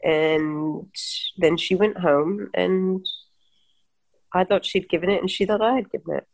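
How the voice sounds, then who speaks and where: A woman's voice: fairly low pitch, slow, gravelly, pauses often. A woman who works as a midwife talks casually about her job. She tells stories expressively and acts out the people in them. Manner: expressive, animated storytelling. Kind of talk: casual chat.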